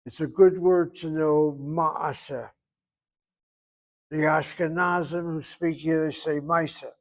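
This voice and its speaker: Higher-voiced man teaching Hebrew grammar. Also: fairly even intonation. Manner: slow, explaining, drawn-out pronunciations. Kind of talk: classroom grammar lesson.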